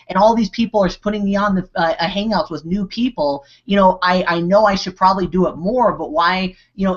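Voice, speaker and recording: A man's voice: sits high, a bit bright. Guy hosting a live video q&a, rambles a lot, keeps restarting, muffled lo-fi call audio. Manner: rambling, many restarts and fillers. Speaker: host. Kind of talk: live online Q&A. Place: online video hangout.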